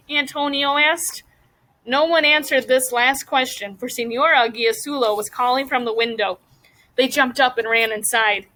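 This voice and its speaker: A woman's voice: fairly high pitch, bright, forceful tone, poor audio. A woman teacher reading a novel aloud to her class and stopping to ask the students questions. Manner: pauses to question students about the story.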